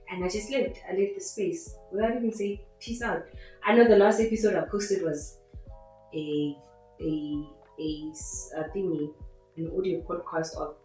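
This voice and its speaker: A woman hosting her own podcast in an excitable, rambling way, with faith-filled asides. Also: fairly low pitch. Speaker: podcast host. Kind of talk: casual solo podcast monologue. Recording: very echoey room with faint music.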